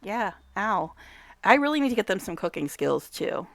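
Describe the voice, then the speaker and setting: A woman's voice: medium pitch, sing-song, moderate pace, creaky, fairly bright tone. A woman giving casual gameplay commentary, chatty, talking to the game characters, swearing and laughing often. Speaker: gamer vlogger.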